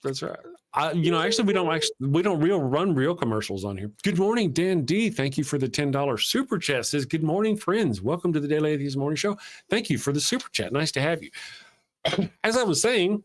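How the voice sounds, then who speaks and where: A man's voice: a little high, very animated, fairly quick. Rambling man hosting a live chat stream. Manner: rambling, self-deprecating, reads viewer super chats aloud. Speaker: co-host of a live atheist talk show.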